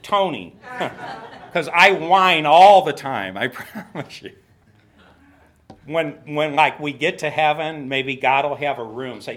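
Animated male pastor with a lively voice. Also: takes it slowly. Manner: animated, acts out quoted voices with big pitch jumps; self-mocking humor, laughs at himself. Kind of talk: sermon. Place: church.

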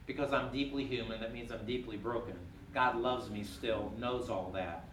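A man preaching a sermon, rising to emphatic peaks and dropping quiet and intimate. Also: mid-range voice, fairly even intonation, normal speed, a little hiss or hum. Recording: echoey room, from far off.

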